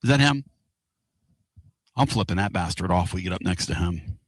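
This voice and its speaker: A man hosting a casual radio talk show from inside a moving car, excitable and rambling. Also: sits low, moderate pace, no echo. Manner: excitable, rambling and loud-mouthed.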